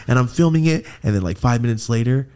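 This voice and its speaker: A man's voice: medium pitch, expressive, fast, dark tone, clean tone. A man hosting a podcast, telling a story with lots of swearing and acted-out quotes. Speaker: podcast host. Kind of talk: casual storytelling chat.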